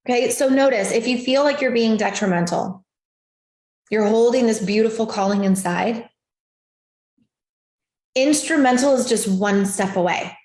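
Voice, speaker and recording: A woman's voice: a little high, measured pace, long pauses, darkish tone, reverberant. A woman hosting a live stream as a life coach, giving an emphatic, repetitive motivational talk over a video call. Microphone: video call setup.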